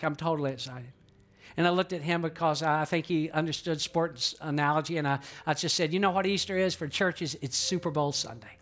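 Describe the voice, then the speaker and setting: Male pastor, earnest sermon delivery, light music bed behind. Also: a little high. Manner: earnest preaching with rhetorical questions. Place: church auditorium in a theater.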